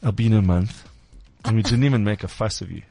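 A man's voice: fairly low pitch, fairly quick, vocal fry, mellow, breathy edge, faint music behind. A man hosting a podcast in casual, jokey chat, laughing and teasing his guests. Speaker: podcast host.

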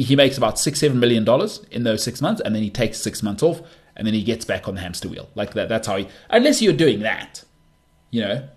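A man hosting his own podcast in a casual solo monologue, rambling and opinionated, often restarting words with a stammer and slipping into sarcastic teasing. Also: mid-range voice. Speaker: podcast host.

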